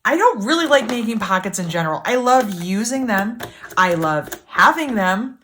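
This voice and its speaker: A woman hosting a sewing channel leads a casual sew-along, chatty and self-deprecating, grumbling whenever things go wrong. Her medium-pitched voice is animated and fairly bright, at normal speed, over clear noise from a running sewing machine.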